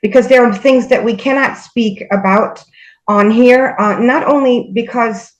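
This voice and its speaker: A woman guest recounting spiritual experiences in casual conversation, hesitant with many fillers and pauses. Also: on the high side, highs cut off.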